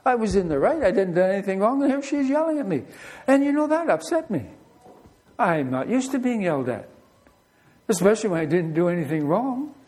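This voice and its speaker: A man's voice: high-pitched, very animated, brisk, a little mellow. A middle-aged man, preaching a sermon in a conversational, storytelling way full of rhetorical questions. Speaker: pastor.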